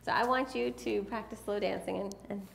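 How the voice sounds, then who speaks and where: Playful gravelly-voiced woman presenter. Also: medium pitch, fairly quick, slight background noise. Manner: playful, teasing, directs volunteers. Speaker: workshop presenter. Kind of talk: live workshop talk. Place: event room with an audience.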